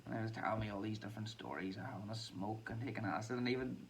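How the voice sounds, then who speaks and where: A man's voice: on the low side, very fast, distant mic, a little hiss or hum, rough recording. A man, a musician hosting his own vlog, chatting in a loose, self-deprecating way and laughing often. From Ireland. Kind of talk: casual rambling monologue.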